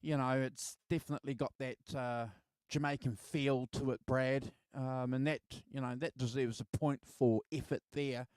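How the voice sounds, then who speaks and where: A man's voice: medium pitch, fairly even intonation, moderate pace, few pauses, a little mellow, smooth, no room sound. A man co-hosting a casual album review chat, rambling with lots of fillers. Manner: rambling, filler-heavy, laughs easily. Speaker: co-host.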